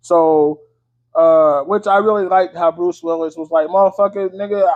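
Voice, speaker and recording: Male vlogger, higher pitch, casual profane movie recap, filler-heavy, muffled lo-fi sound. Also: steady tone, unhurried. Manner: loose, slangy, full of fillers and swearing. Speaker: movie reviewer. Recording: dull lo-fi audio.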